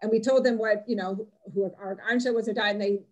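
A woman's voice: medium pitch, steady tone, quick pace, a little mellow. A woman presenting on a video call, talking in a loose, chatty way full of fillers and restarts. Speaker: presenter on Israeli music. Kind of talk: casual online talk.

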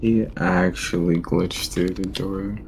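A man playing a co-op horror game with a friend, making laid-back, low-key remarks in casual chat. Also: steady tone, takes it slowly, vocal fry. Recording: hissy noisy mic.

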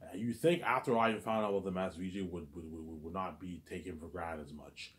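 A man's voice: deep voice, fairly even intonation, fairly quick. A man delivering a rambling, agitated vlog monologue, stammering and repeating himself. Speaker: vlogger.

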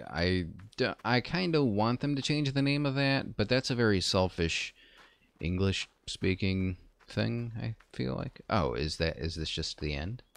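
Low gravelly male game streamer. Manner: chatty, self-correcting and rambling. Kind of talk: casual gameplay commentary.

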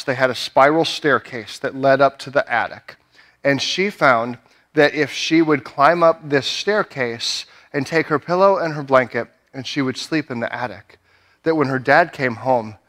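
A man's voice: mid-range voice, a bit bright. A young adult man preaching a sermon, telling a personal story earnestly, with many "right?" asides and restarts. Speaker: pastor. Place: church sanctuary.

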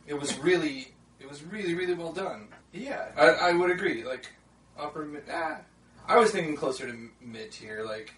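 A man's voice: on the high side, animated, moderate pace, fairly bright tone, slight background noise. A man talking as a podcast guest in casual chat, hesitant and repeating himself. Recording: echoey room, mic at a distance.

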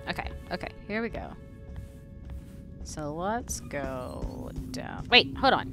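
A woman's voice: lowish voice, sing-song, takes it slowly, over music. A young woman playing a horror game and joking as she talks to herself and her viewers. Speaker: game streamer. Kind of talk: casual gameplay commentary.

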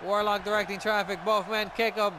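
A man giving excited play-by-play commentary on a wrestling video game match, shouting at the big moves. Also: high voice, fairly quick, a crowd in the background, noisy background.

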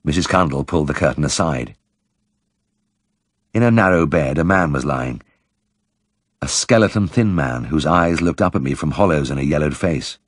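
Deep husky male audiobook narrator. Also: brisk, no room sound, clean studio sound. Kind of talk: scripted narration.

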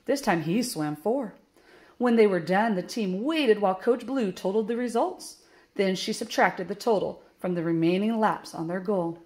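A woman teacher with a medium-pitched, darkish voice reads a children's picture book aloud and explains the steps of subtraction. She speaks slowly and clearly as she walks through each step, blending the story with a math lesson.

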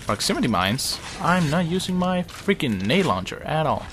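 A man talks through his own gameplay in a casual let's-play, his pitch leaping up and down as he pleads with enemies and teases himself. The recording is noisy, with game sounds underneath. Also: big pitch swings, normal speed, fairly bright tone. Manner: jumpy, self-mocking, talks to game characters. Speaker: gameplay commentator.

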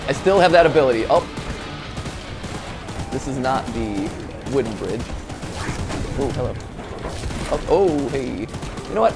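A man's voice: mid-range voice, fairly quick, long pauses. Guy doing let's-play commentary, jokey and hyped, voice bouncing all over, game music playing. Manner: excitable, joking, shouts at the game. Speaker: host.

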